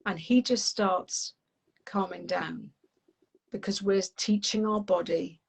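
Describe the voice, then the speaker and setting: A woman, a parenting coach, explaining calmly in an animated, friendly conversational way. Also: mid-range voice, slow pace, gravelly, slightly rough, rough recording. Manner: animated, acts out little voices, friendly teaching tone.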